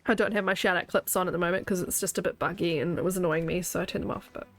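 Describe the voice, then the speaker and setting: A woman's voice: fairly low pitch, fairly even intonation, rapid-fire. A woman game streamer chatting casually with her viewers as she plays, playful and laughing often. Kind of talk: casual chat while playing a video game.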